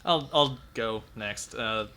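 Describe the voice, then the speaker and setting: A man on a film podcast talking earnestly and sentimentally about a film's romance, a bit halting with restarts. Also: medium pitch, pushed and bright. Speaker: podcast guest. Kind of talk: casual movie podcast chat.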